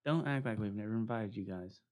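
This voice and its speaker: A man's voice: lowish voice, a little fast, darkish tone. A man co-hosting a casual podcast chat, swearing freely and laughing through his stories. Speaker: podcast co-host.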